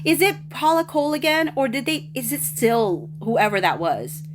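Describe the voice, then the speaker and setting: Gushing, excitable woman host. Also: sits high, normal speed, very noisy. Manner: excited, rambling and gushing, many restarts. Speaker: livestream host reading viewer comments. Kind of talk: casual chat.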